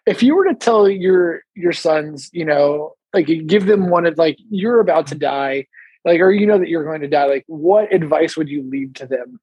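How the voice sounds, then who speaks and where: A man's voice: a little high, expressive, moderate pace, darkish tone, slightly rough, no echo, muffled recording. A man co-hosting a podcast over a video call, joking and laughing often as he chats. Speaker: podcast co-host. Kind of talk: casual chat.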